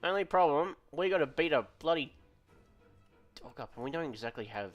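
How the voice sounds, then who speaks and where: A man's voice: a little high, lively intonation, a little fast, muffled recording, faint music behind. A man hosting a gameplay video, chatting wryly and reading game text aloud. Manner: chatty, wry, exclaiming. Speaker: gameplay host. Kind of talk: casual let's play commentary and reading game text.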